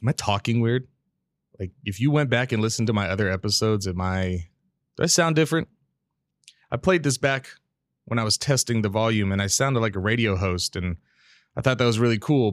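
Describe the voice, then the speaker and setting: A podcast host with a voice on the low side rambles through a casual solo episode, often restarting and swearing in a candid way. There's no echo, and he speaks close to a studio microphone with a pop filter.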